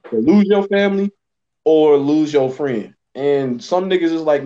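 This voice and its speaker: A man's voice: fairly high pitch, a little slow, warm tone, dull audio, slight background noise. A man co-hosting a podcast, arguing earnestly in casual streetwise slang. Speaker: podcast co-host. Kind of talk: casual chat.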